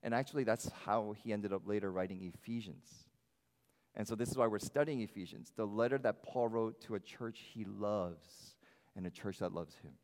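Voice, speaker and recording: Pastor man preaching, animated, voice trailing in a long reverb hall. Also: lowish voice, normal speed. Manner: animated, varies loudness, acts out quoted voices. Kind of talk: sermon. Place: church sanctuary.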